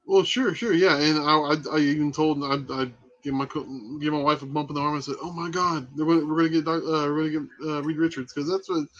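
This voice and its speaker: A man co-hosting a podcast, laid-back and halting, cursing casually as he talks about a movie. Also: on the high side, fairly even intonation, a bit bright, muffled recording. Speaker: podcast co-host. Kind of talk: casual movie review chat.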